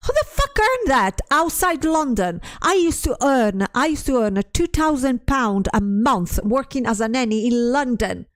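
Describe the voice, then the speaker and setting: A woman's voice: high voice, big pitch swings, a little slow, hardly any pauses. A stressed woman streamer in casual livestream chat, ranting, swearing often and restarting her sentences as she reads chat aloud.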